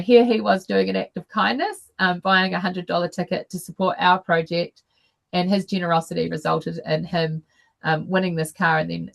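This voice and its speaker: Low, gravelly-voiced New woman. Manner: unhurried, with many fillers and restarts. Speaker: guest speaker. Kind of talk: personal story told to an online meeting. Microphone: video call.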